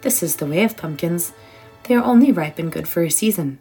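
Woman doing a gentle old witch. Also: on the low side, animated, a little fast, slightly rough, soft background music. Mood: soothing. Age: older. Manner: gentle, soothing.

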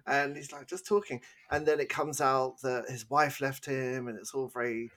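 A man's voice: medium pitch, fairly even intonation, moderate pace, fairly bright tone. A man co-hosting a podcast, chatting casually about a film in a rambling, self-deprecating way. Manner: rambling, self-deprecating, with sung and mimicked bits. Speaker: podcast co-host. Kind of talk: casual film review chat.

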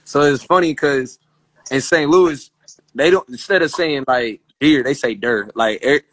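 A man's voice: on the high side, a little slow, a bit bright. Easygoing man telling stories. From Virginia. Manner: easygoing storytelling, imitating others. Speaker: guest. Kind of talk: casual chat.

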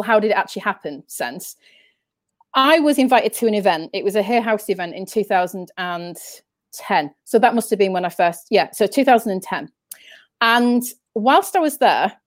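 A woman from northern England, with the accent to match, tells stories as a guest in a casual interview chat. She rambles chattily and keeps restarting sentences, in a medium-pitched voice with no room sound.

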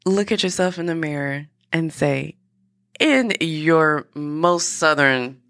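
A woman's voice: deep voice, slow pace, a bit bright, no room sound, clean studio sound. A woman hosting a podcast, talking through an earnest, encouraging motivational monologue with frequent restarts. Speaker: podcast host.

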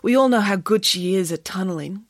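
A woman's voice: medium pitch, brisk, no room sound, clean studio sound, lightly acted. A woman voicing a sensible, worried young girl in a storybook reading. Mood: earnest.

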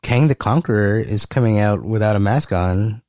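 Man, lowish voice, casual podcast banter, animated quoting, dry close sound. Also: normal speed, no room sound. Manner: animated, jumps high when quoting people. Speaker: podcast co-host. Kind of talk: casual chat.

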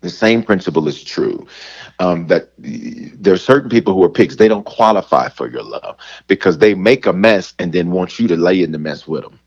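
A bishop talks in a low, husky voice, his pitch swinging widely as he preaches. His delivery is animated and playful. The sound is dull and lo-fi. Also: normal speed. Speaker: bishop and pastor. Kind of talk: preaching in casual conversation.

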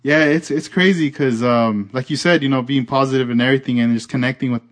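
A man's voice: medium pitch, steady tone, fast talker. A man hosting a podcast, chatting in an easygoing way and thinking aloud with likes and restarts. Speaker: podcast host. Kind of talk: casual chat.

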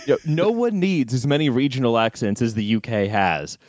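A man's voice: mid-range voice, animated, moderate pace, a little mellow, no room sound. A man with a Canadian accent, co-hosting a comedy podcast in a profane, exasperated, ranting manner. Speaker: podcast co-host. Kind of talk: casual comedic chat.

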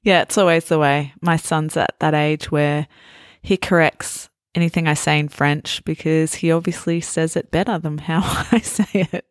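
A woman from Australia hosting a podcast, chatting casually, curious and quick to laugh. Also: deep voice, steady tone, no room sound, clean studio sound. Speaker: podcast host. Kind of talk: casual chat.

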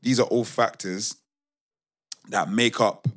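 A young man co-hosting a podcast, telling work stories in a casual, animated, slangy way with many restarts. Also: on the low side, slow pace. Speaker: podcast co-host. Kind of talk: casual storytelling chat.

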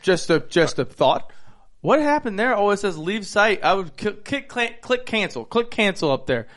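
A man hosting a casual podcast, animated and hyped as he tells stories and banters. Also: sits high, normal speed. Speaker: podcast host.

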